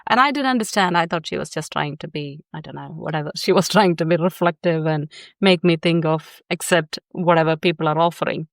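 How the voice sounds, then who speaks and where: A woman's voice: low-pitched, a little fast, vocal fry, no room sound, clean studio sound. A woman psychotherapist guesting on a podcast, telling personal stories candidly and laughing often. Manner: warm storytelling, often laughing.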